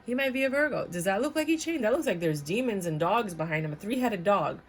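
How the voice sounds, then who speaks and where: A woman's voice: mid-range voice, fast. A young adult woman giving a tarot reading, speaking bluntly and animatedly. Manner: animated, blunt, slips into voices of others. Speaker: tarot reader.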